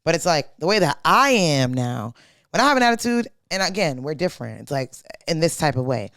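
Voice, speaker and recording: A woman's voice: sits low, sing-song, fairly quick, fairly bright tone, no echo. A young woman co-hosting a podcast, racing through a slangy, profane story and acting out every quote. Her voice sounds close and dry in a studio. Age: young adult. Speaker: podcast co-host. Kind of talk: casual storytelling chat.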